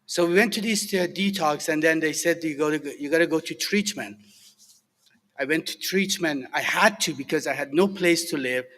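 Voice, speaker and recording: A middle-aged man from Iran with a Persian accent, sharing his recovery story to a group, halting and earnest with many fillers and restarts. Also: fairly high pitch, fairly bright tone. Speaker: recovery alumni speaker. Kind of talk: personal recovery share to a group. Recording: echoey hall with long reverb.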